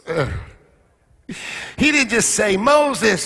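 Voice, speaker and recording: High, gravelly impassioned male preacher. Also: big pitch swings, slow, pauses often, in a large hall. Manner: impassioned, call-and-response preaching with shouts and sung phrases. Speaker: pastor. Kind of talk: sermon. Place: church.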